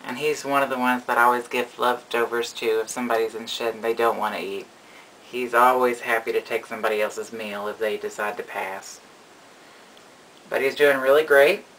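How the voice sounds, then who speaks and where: A reptile keeper narrates a casual vlog about his pets in a medium-pitched, steady, slightly bright voice at normal speed. He rambles affectionately and coos at his animals, on a low-quality recording with a little hiss or hum.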